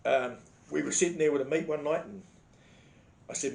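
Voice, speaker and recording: A man's voice: fairly high pitch, moderate pace, creaky, darkish tone. An Australian man telling a profane, sarcastic comic story, swearing constantly in a blunt way. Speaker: comedic storyteller. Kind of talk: profane comedic anecdote. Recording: roomy echo.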